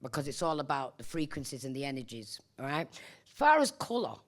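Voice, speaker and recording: A woman's voice: extremely low pitch, sing-song, brisk. A woman speaking as a guest at a live panel discussion, reflective and spiritual, often adding "right?".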